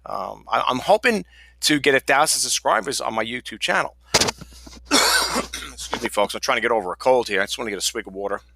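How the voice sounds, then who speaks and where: Gravelly, bright-voiced man rambling on a podcast. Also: mid-range voice, animated, fast. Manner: rambling, folksy, many fillers and restarts. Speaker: podcast host. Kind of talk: casual solo podcast talk.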